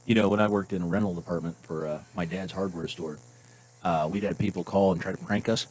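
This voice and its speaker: A man co-hosting a podcast who tells prank stories in a casual, animated way and laughs often. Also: deep voice, quick pace, rough recording. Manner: animated storyteller, acts out voices, laughs often. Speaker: podcast co-host. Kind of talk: casual storytelling chat.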